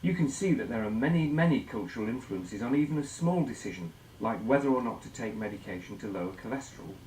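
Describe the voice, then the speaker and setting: A man presenting a scripted lesson, measured and explanatory, asking guiding questions. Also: mid-range voice, expressive, darkish tone, reverberant, a little hiss or hum, poor audio. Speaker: instructor.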